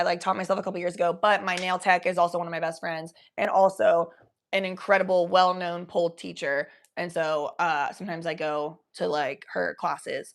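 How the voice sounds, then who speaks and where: A young woman from the Cincinnati area, chatting casually on a livestream, swearing freely and reading chat aloud. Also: on the low side. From Cincinnati area, USA. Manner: chatty, swears freely, reads chat aloud, slips into baby talk for pets.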